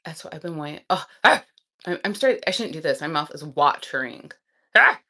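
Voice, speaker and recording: A woman vlogger chatting casually and thinking aloud, excitable and quick to laugh. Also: low-pitched.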